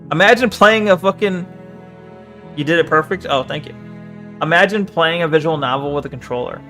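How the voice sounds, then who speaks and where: A man's voice: on the high side, fairly bright tone. A man streaming a game, chatting casually with viewers, joking and swearing as he plays. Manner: joking, profane, laughs often, reads game text aloud. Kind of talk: casual gaming commentary.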